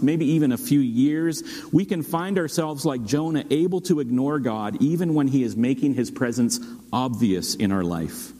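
A man preaching a sermon as pastor, steady and earnest, dropping low for emphasis and rising to urge his listeners. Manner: steady preaching with dramatic drops and rising exhortation. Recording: long hall reverb.

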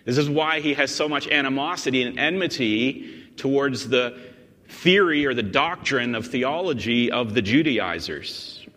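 A man's voice: mid-range voice, lively intonation, measured pace, bright, forceful tone. A man preaching a sermon as pastor, explaining a text in an emphatic way and often restarting and repeating words. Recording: long reverb in a large hall.

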